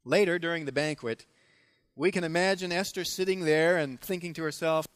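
A man preaching a sermon, retelling a biblical story with dramatic, animated delivery. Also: a little high, fairly quick, smooth. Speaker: pastor.

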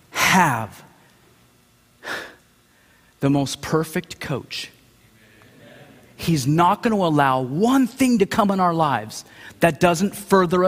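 A middle-aged man preaching a sermon, dramatic, acting out quotes and swinging from hushed lines to near shouts. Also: a little high. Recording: long hall reverb.

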